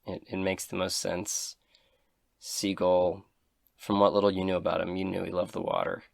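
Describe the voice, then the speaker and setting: A man acting as game master, narrating a tabletop game in a steady, descriptive way. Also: deep voice, normal speed, vocal fry, dry recording.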